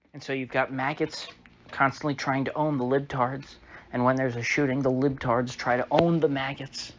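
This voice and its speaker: A man talks through a solo commentary monologue with a sarcastic, mocking edge and the odd chuckle. His voice sits at an ordinary middle pitch. The recording is a little dull and muffled, with a faint hiss underneath. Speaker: political commentator.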